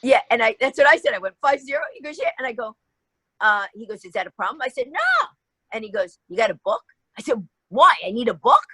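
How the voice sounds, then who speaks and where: A woman's voice: a little high, very animated, brisk, sharp tone, husky, no room sound. A middle-aged woman guest telling a story in a podcast interview, acting out both sides of the dialogue. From New York.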